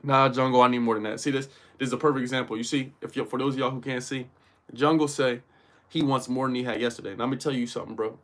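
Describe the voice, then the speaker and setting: A man's voice: medium pitch, steady tone, quick pace, fairly bright tone. A man hosting a casual livestream motivational talk, slangy and profane, who keeps checking in with his listeners. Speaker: host.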